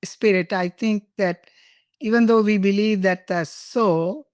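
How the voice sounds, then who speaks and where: A woman's voice: medium pitch, fairly even intonation, unhurried, clear, resonant tone, dry recording, studio quality. An older woman from India, a guest telling personal stories in an interview, laughing and emotional at times. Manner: warm, laughing, emotional storytelling.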